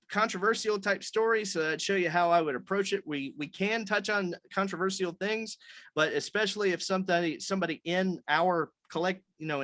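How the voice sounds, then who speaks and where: A man's voice: a little high, pushed and bright, no echo. A man leading a writers' meeting on a video call, explaining things loosely with many fillers and restarts.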